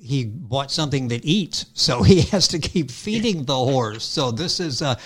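A man's voice: medium pitch, expressive, a little slow. A male host interviewing an author, promoting the books and moving the talk along.

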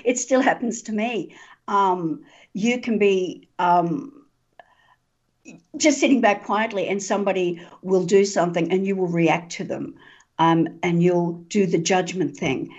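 A woman author being interviewed, an animated storyteller who laughs often and says um a lot. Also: fairly low pitch, unhurried. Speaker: author and guest. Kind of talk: interview talk. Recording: dull lo-fi sound.

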